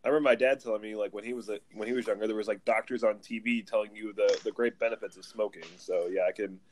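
A man's voice: on the low side, fairly even intonation, fast talker. A man co-hosting a podcast, making dry, brief remarks. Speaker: podcast co-host. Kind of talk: casual podcast chat.

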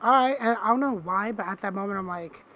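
A man hosting a podcast, telling a long story in casual chat, animated and swearing freely, acting out what others said. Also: high voice, fast, muffled recording. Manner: animated, swearing, acts out quoted voices. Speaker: podcast host.

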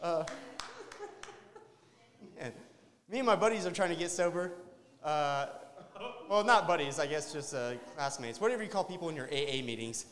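This slightly high, expressive male voice moves at a moderate pace with long pauses as a tipsy comic rambles through a crude open-mic set. He talks to the crowd, laughs at his own gags, and the room adds a long hall reverb.

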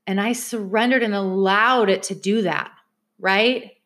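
A woman's voice: medium pitch, fairly even intonation, measured pace, a bit bright. Chatty woman telling a personal story. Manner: chatty, addresses viewers directly. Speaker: vlogger.

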